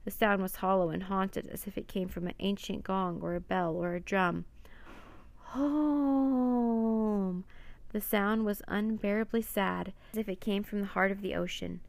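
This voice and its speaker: A woman reading a children's adventure book aloud in a steady, even storybook manner. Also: mid-range voice, moderate pace, vocal fry, hardly any pauses, no echo.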